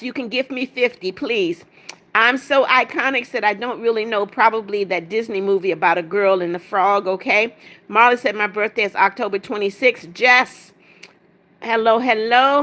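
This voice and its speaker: A woman with a bright, forceful voice pitched a little high hosts a live stream. She reads chat comments aloud, greets viewers with quick repeated hellos and sometimes trips over their names. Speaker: livestream host.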